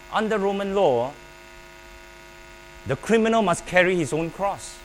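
A man preaching a sermon, emphatic and paced with pauses, calling on the congregation to repeat his words. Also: sits high, animated, poor audio. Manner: emphatic, with pauses and call-and-response prompts. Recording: faint mains hum.

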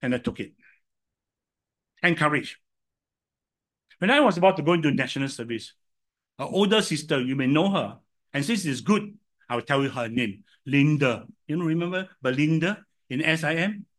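Preaching in a Singaporean English accent, an older man from Singapore shares lively personal stories and asks the audience rhetorical questions. His voice is on the high side, at a moderate pace, with frequent pauses.

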